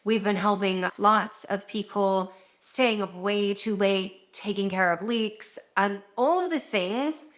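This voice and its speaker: A woman's voice: mid-range voice, slow pace, hardly any pauses. A woman, a doctor, talking openly in a personal vlog from her home, rambling and emotional, tired and close to tears. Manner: open, rambling and emotional, many fillers. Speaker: doctor and vlogger.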